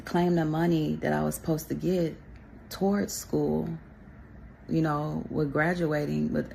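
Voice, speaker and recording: A woman's voice: low-pitched, creaky, darkish tone, slight background noise. A woman from Texas speaking to a camera, sharing a personal faith testimony in a rambling, conversational way with pious asides.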